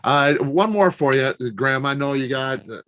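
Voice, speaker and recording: A male interviewer with a mid-range voice recorded dry and close. He asks questions in a casual way and fills the gaps with quick agreements and laughs. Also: mid-range voice, lively intonation, fairly bright tone, dry recording. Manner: affirming, frequent short agreements and laughs. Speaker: interview host.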